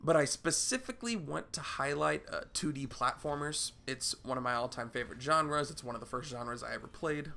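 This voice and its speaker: A man's voice: a little high, brisk, vocal fry, few pauses, sharp tone, a little hiss or hum. A young man with a sick voice, chatting casually in a rambling vlog Q&A about his gaming channel. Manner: rambling, repeats words and fills with "uh". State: sick, hoarse voice. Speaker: YouTube gaming channel host.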